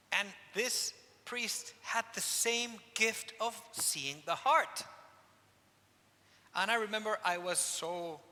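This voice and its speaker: A man, a priest, preaching a sermon at a penitential service, telling stories with emphatic repetition. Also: on the high side. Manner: emphatic, repeats key phrases, animated storytelling. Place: church. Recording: long church hall reverb.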